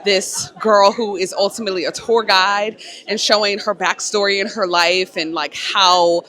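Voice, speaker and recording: Animated slangy woman vlogging. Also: medium pitch, normal speed. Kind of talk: casual vlog talk to camera.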